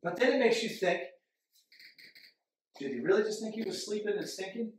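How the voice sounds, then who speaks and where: A man preaching a sermon as a pastor, animated, with his delivery swinging from loud to hushed. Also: high-pitched, moderate pace, far from the mic, a little hiss or hum. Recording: echoey church hall from off-mic.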